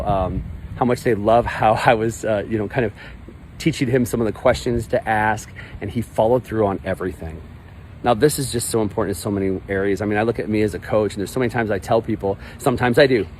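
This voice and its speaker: A man in his forties, a life coach, talking to camera outdoors by a pond in a blunt, emphatic, repetitive way, with some swearing. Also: lowish voice. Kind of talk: motivational vlog monologue. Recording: outdoor traffic noise.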